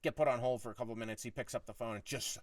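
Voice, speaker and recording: Profane, animated middle-aged man. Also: mid-range voice, very fast, no echo, recorded from a distance. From United States. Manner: profane, animated, acts out heated quotes. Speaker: podcast host. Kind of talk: casual storytelling monologue.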